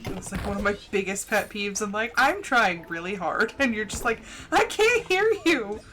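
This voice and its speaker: A young woman streaming a farming game, chatting fast and casually with a slight lisp and lots of "like". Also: mid-range voice, bright, forceful tone. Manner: chatty, fast, says "like" a lot. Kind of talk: casual chat while gaming. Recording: faint music underneath.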